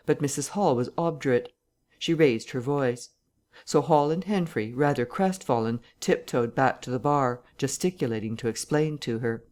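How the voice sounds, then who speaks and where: A man narrating a classic novel audiobook in a measured, even reading. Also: medium pitch.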